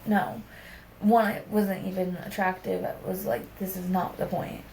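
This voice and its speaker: A woman's voice: medium pitch, little pitch movement, measured pace, creaky, a little mellow. A young woman speaking candidly and rawly, telling a personal story in conversation and swearing casually. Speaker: podcast guest. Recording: echoey room with faint background hum.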